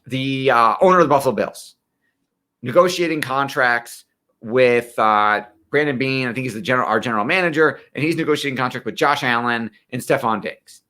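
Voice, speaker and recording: Middle-aged male financial aid planner, bright tone, direct conversational storyteller. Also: medium pitch, a little fast. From western New York. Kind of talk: personal origin-story talk.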